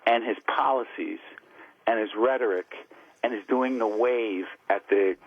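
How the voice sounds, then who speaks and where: A man's voice: fairly low pitch, unhurried, dull audio. A middle-aged man, a guest on a radio talk show, trading jokes with the host and then giving his political opinions in earnest. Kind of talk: casual radio banter and political commentary.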